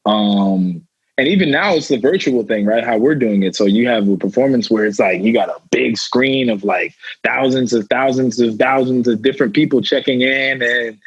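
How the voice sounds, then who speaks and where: A man's voice: medium pitch, moderate pace, slightly rough, dry recording, highs cut off. A young American man, a football player and rapper, chatting casually as a guest with lots of fillers. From United States. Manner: relaxed, laughing, many fillers like "you know". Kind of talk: casual interview chat.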